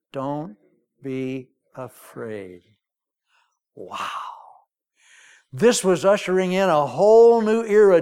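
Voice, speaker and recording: Folksy, joking male preacher; unhurried, slightly high voice. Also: clean tone. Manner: storytelling, folksy, jokey. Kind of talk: sermon.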